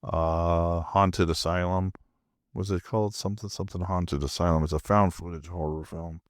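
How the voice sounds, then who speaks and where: Sounding half asleep, a podcast host rambles casually from his home movie room in a relaxed, wandering way. He speaks low at normal speed with fairly even intonation, captured in clean studio sound without any echo.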